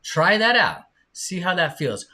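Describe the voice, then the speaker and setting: High-pitched, bright and pushed, with big swings in pitch, this man's voice leads a live online singing class. He encourages students slowly and at length, and sings to show them how.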